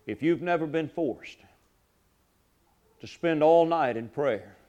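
A middle-aged male pastor delivers a sermon. His voice sits high for a man. He swings between fervent, loud passages and hushed asides, often repeating his words. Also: takes it slowly, lo-fi sound.

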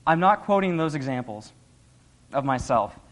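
A man's voice: on the high side, expressive, moderate pace. A young man giving an earnest, conversational sermon, laughing often as he talks. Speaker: lay preacher.

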